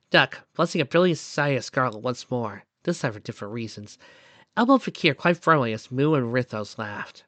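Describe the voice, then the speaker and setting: A man reading fan fiction aloud as narrator, in a soft, steady storytelling voice. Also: medium pitch, moderate pace, dry recording.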